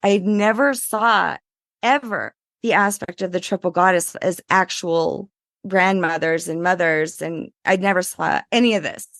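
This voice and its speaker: Animated woman, creaky voice. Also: on the low side, a little slow, no echo, clean studio sound. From Louisiana. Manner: animated, full of "like", acts out voices in her story. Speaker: guest. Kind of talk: casual interview storytelling.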